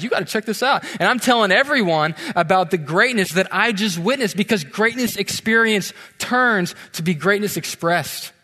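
A male pastor preaching in a church sanctuary, his voice set a little high and bright as it rings through a long hall reverb. He talks in a lively, conversational way, throwing rhetorical questions at the congregation. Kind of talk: sermon.

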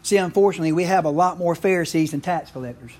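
A man's voice: on the high side, fast talker, darkish tone. Folksy man preaching a sermon. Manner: folksy, conversational preaching with frequent asides. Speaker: pastor.

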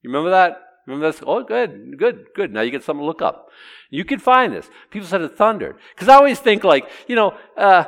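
A man's voice: sits high, big pitch swings, fairly quick, fairly bright tone. A man preaching a conversational Bible lesson, asking his listeners questions and acting out the quotes he reads. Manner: chatty, asks the audience questions, acts out quotes.

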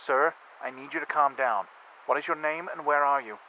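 A man's voice: mid-range voice, normal speed, a little hiss or hum, pitched above the performer's own voice. A man voicing an emergency dispatcher on a recorded phone call in an audiobook. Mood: urgent. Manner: steady, procedural. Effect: phone call playback.

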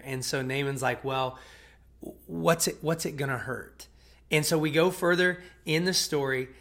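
A man's voice: mid-range voice, a bit bright. A man preaching in a casual, conversational way, retelling a Bible story and often checking in with his listeners. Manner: conversational, checks in with "okay?" and "right?"; repeats and restarts words as he retells.

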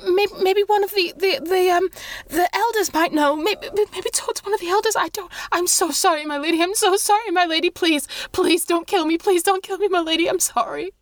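A woman's voice: very high voice, normal speed, dry recording, voice pushed up. Woman doing a stuttering panicked young monk. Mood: panicked groveling. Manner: stammering, apologetic, groveling.

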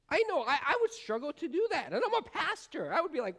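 Woman pastor, a bit high-pitched, informal conversational preaching, rambles and restarts, addresses the congregation directly. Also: big pitch swings, quick pace, a bit bright. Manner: folksy, talks straight to the congregation. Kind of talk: conversational sermon.

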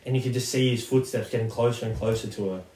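A man's voice: medium pitch, fairly even intonation, fast talker, mellow. A young man chatting casually as a podcast guest, laid-back and sweary. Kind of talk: casual chat. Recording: distant, echoey, faint hiss.

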